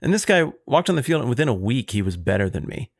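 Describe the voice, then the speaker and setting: A man's voice: mid-range voice, big pitch swings, quick pace, no room sound. A man co-hosting a podcast, talking in a thoughtful way with dry, wry humor. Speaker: podcast co-host. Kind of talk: casual conversation.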